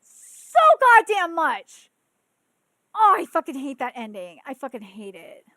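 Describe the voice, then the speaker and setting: Very high-pitched, bright-voiced ranting woman. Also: a little slow, dry recording. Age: 30s. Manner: animated, exasperated, filler-heavy with frequent "like" and swearing. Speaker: podcast host. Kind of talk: casual ranting commentary.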